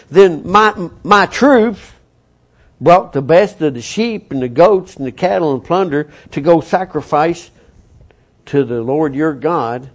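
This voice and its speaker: A proud ancient king who blusters and wheedles his way through excuses, pitched rather high, as a preacher acts him out. He is given a lively man's voice in a sermon retelling.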